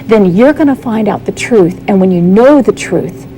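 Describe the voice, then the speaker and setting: A woman's voice: medium pitch, lively intonation, normal speed, mellow, soft background music, low-quality recording. A woman giving a candid, earnest personal testimony as a guest on a talk show, often acting out the dialogue she quotes.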